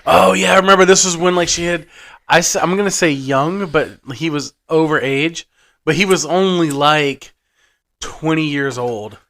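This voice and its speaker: A man's voice: fairly high pitch, a bit bright. A man co-hosting a podcast in casual chat, chiming in with easygoing remarks. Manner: easygoing, chimes in with quick remarks. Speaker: podcast co-host.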